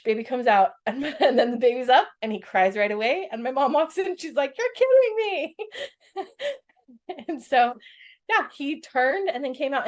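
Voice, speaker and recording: A woman in her thirties recounts a personal story as a podcast guest. Her voice sits at an ordinary middle pitch. She is animated, laughs often and acts out the voices of others as she talks.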